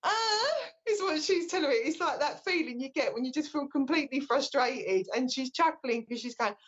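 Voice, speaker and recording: A British woman working as a medium, giving a live reading in a gentle, reassuring way that often restarts mid-sentence. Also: high voice, animated, a little fast, slightly rough. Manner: gentle and reassuring, relays messages with frequent restarts. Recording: slightly dull lo-fi sound.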